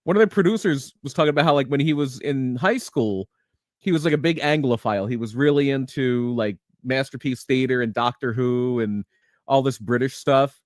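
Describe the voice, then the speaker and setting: A man's voice: medium pitch, normal speed, no echo, clean studio sound. A man co-hosting a casual wrestling podcast, telling stories with many restarts and chuckles. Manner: rambling storyteller, many restarts, laughs. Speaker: podcast co-host.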